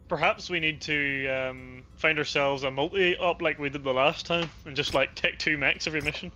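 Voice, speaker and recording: A man's voice: fairly high pitch, normal speed, pushed and bright. A man co-hosting a game stream, bantering in a laid-back, joking way with slang. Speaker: co-host. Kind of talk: casual banter on a live stream. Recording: dull lo-fi voice with music behind.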